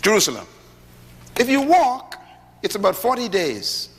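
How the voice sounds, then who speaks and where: A middle-aged man preaching a sermon to an audience, lively, with rhetorical questions and humorous storytelling. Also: sits high, measured pace, slight background noise. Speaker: pastor. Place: large hall with audience. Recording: echoey hall, faint ambience.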